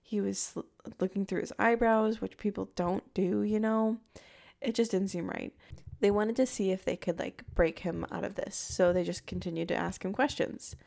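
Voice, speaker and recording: Woman with a low-toned, gravelly voice. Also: steady tone, moderate pace, darkish tone. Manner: chatty, thinking aloud, with fillers and reactions. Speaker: podcast host. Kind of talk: casual true-crime storytelling.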